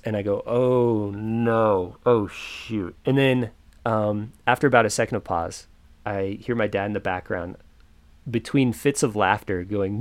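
Low gravelly young man telling his story. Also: dry recording. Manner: reflective, halting, many fillers. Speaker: podcaster. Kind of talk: personal storytelling monologue.

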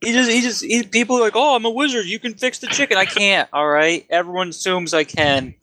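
A man's voice: sits high, a little fast, bright, forceful tone, slight background noise, pitched above the performer's own voice. A man voicing a grumpy, exasperated halfling wizard shopkeeper who rants and complains. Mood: ranting. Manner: fed-up, ranting.

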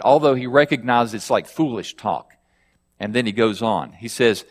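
A man's voice: mid-range voice, normal speed. Preaching man in a reverberant hall. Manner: reads scripture aloud with rising emphasis, asks the congregation questions. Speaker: pastor. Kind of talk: sermon.

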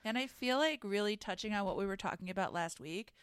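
Wry woman with a smooth voice. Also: mid-range voice, expressive, fast, dry recording. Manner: wry, dry humor, short asides. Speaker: podcast co-host. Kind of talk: casual chat recapping wrestling.

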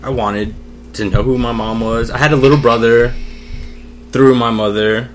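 A man's voice: mid-range voice, fairly even intonation, normal speed, slight background noise. A young man, a podcast guest, telling a personal story in casual talk over drinks, candid and swearing freely. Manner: candid, swears freely, acts out quoted voices.

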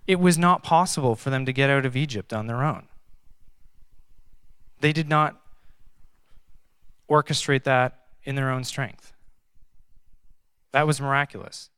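A young man giving a casual, conversational sermon, reading scripture and adding animated, sarcastic asides. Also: medium pitch, measured pace, pauses often, clear, resonant tone, no room sound, studio quality. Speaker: pastor.

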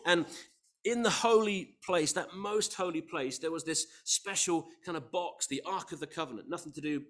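A man preaching a Sunday sermon to his congregation, earnest and emphatic, rising to loud peaks and dropping to quiet, with small restarts. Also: fairly high pitch, moderate pace. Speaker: pastor.

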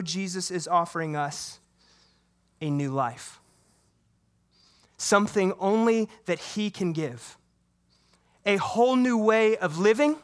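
High-ish voiced preacher guy, lively sermon, talks back and forth with the room. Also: clean tone. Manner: animated preaching, acts out dialogue, asks the congregation questions. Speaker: pastor.

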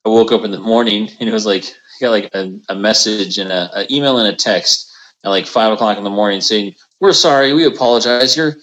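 A man's voice: fairly low pitch, fairly even intonation, fairly quick, fairly bright tone, rough recording. A man calling in remotely to a podcast, telling stories in an easygoing way full of fillers. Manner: easygoing, filler-heavy storytelling. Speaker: remote guest. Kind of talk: casual chat. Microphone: video call.

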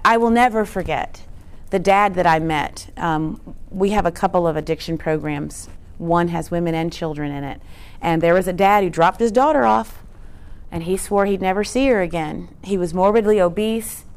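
A woman's voice: on the low side, moderate pace, smooth. A woman presenting a teaching talk in an earnest, conversational way, often asking rhetorical questions. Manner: conversational, frequent rhetorical "right?"; earnest, emphatic.

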